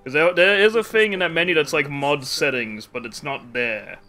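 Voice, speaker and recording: Guy streaming a game, bright voice, rambly and sweary, faint music behind. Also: fairly high pitch, normal speed. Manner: rambling, swears freely, laughs often. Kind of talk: casual gameplay chat.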